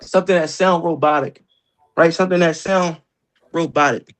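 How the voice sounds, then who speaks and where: High-voiced animated man leading sales training. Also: moderate pace. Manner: animated, joking, acts out doorstep exchanges. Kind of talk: energetic sales training talk.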